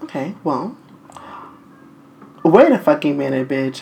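A man's voice: on the high side, lively intonation, unhurried, gravelly, long pauses. A man co-hosting a podcast in casual chat, joking and swearing freely with his friend. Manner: profane, joking banter. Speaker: podcast co-host.

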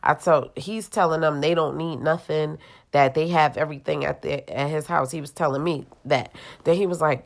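Woman, low and gravelly, for a blunt, heated first-person story told to camera with loose fillers. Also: moderate pace. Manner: heated, blunt, with frequent profanity; talks loosely with fillers like "like" and "you know". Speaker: mother telling a personal story.

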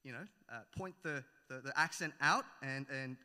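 Speaking at normal speed in a clear, resonant mid-range voice with a sharp tone, a man raised in New Zealand but with an Australian accent gives a sermon that starts with a prayer. He talks conversationally, using many fillers and correcting himself, and the hall adds an echoey reverb.

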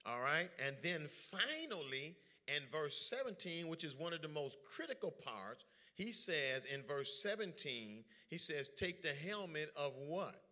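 A man preaching a lively sermon, joking with the congregation and calling for their responses. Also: on the high side, unhurried. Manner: lively, joking, drawls informal speech.

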